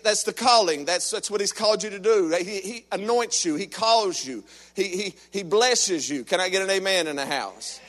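High-pitched, bright-voiced shouting preacher man. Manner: call-and-response, shouting and joking. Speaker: lay preacher. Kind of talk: energetic sermon.

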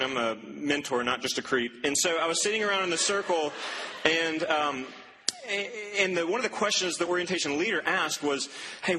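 A man's voice: high voice, pushed and bright, a little hiss or hum. A young man preaching a sermon to students, telling a story in a loose, chatty way with asides and laughs. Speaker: campus preacher. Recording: long hall reverb, faint ambience.

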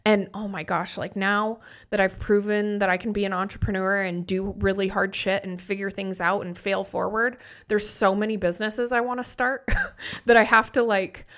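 A woman's voice: medium pitch, little pitch movement, moderate pace, fairly bright tone. A woman in her thirties, a host and coach, talking candidly and emphatically in a motivational chat, swearing freely. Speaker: podcast host and business coach. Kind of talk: motivational casual talk.

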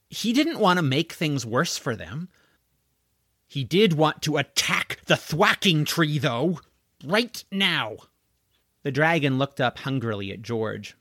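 A man narrating a middle-grade novel in an expressive, scripted audiobook reading. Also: on the high side, husky, no echo, clean studio sound.

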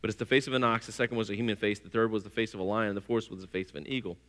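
A middle-aged man, preaching a sermon in a church and telling stories with lively, acted-out voices. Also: fairly low pitch, racing. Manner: lively storytelling, acts out voices. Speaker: pastor. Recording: long hall reverb.

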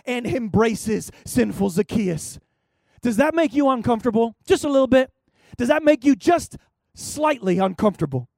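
A man preaching an open-air sermon at a fairground, impassioned and rising to shouts. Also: very high-pitched, creaky, no echo. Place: outdoor fairground event.

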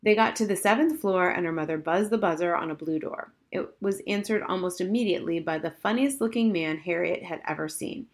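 Woman narrating a storybook, lower voice. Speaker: audiobook narrator.

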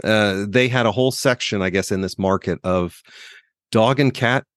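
A man co-hosting a casual podcast chat, relaxed and hesitant, with frequent fillers as he talks. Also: fairly low pitch, moderate pace, no room sound, clean studio sound. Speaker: podcast co-host.

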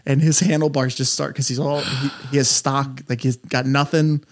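A man chatting as a podcast guest, telling stories in an animated way with frequent laughs and restarts. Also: mid-range voice, moderate pace. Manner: animated storyteller, laughs often, many restarts. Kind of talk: casual chat, storytelling.

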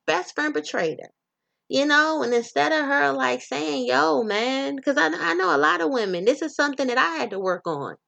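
A woman talks straight to her listeners in a loose, unscripted podcast monologue. She swears freely and stays animated and playful throughout. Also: high-pitched, brisk, gravelly. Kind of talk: casual monologue on relationships.

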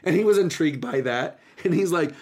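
A talkative man spins stories in a relaxed podcast chat. His voice sits somewhat high and swoops all over the place as he gets animated, a born connector who loves to talk. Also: fairly quick, husky. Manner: animated, chatty storyteller. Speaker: podcast host. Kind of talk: casual storytelling chat.

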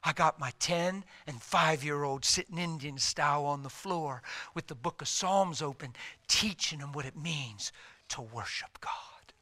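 A middle-aged man preaching a sermon, telling a personal story and swinging from loud outbursts to hushed asides. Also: on the high side, measured pace. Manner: animated, swings from loud to hushed, acts out quotes.

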